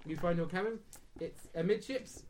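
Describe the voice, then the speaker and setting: A man narrating a tabletop game as game master, relaxed, with frequent ums and laughs. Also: high voice, normal speed, very noisy.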